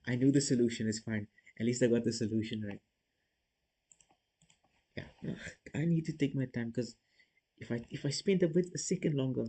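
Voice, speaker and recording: A man's voice: fairly low pitch, fairly even intonation, moderate pace, pauses often, mellow, rough recording. A man streaming chess, thinking aloud as he works through puzzle moves and talks casually to his viewers. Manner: self-critical, talks to viewers.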